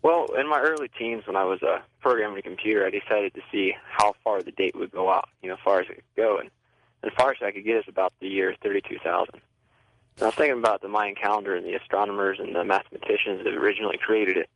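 A man's voice: fairly low pitch, fast, no room sound. A man calling in to a radio show to ask the host a long, earnest question. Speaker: caller. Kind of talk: phone call to a radio show. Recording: muffled phone line.

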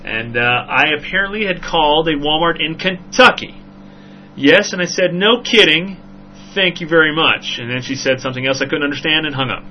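A man hosting a podcast, telling a story in a rambling, animated way with frequent "right?" asides. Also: on the high side, fairly quick. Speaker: podcast host. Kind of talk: casual storytelling chat. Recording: dull lo-fi recording with faint hum.

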